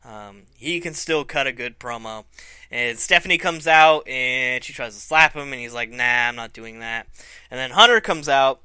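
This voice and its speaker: A man's voice: medium pitch, lively intonation, normal speed, sharp tone, smooth, no room sound. A man hosting a casual review vlog, loose and laughing, swearing freely. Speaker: vlog host.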